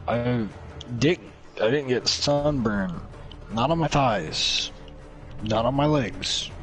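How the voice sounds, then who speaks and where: A young man streaming games and chatting casually, excitable and joking, swinging between whiny pleading and low muttering. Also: slow, over music. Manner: excitable, joking, lots of laughter. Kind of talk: casual gaming stream chat.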